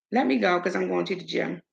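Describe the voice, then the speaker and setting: Outspoken woman host with a gravelly voice. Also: fairly low pitch, dull audio. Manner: outspoken, animated ranting. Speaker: show host. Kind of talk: casual commentary monologue.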